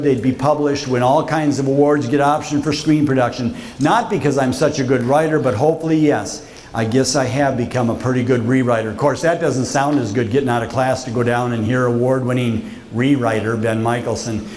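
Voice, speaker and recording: A man's voice: fairly high pitch, darkish tone. A man, a visiting author, telling stories to students in a school auditorium in a theatrical way and addressing them directly. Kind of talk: storytelling talk to a school assembly.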